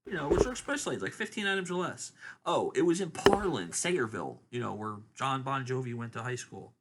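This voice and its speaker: On a laid-back chat podcast, a male co-host with a medium-pitched voice talks briskly, wandering through stories full of profanity. The recording carries constant background noise.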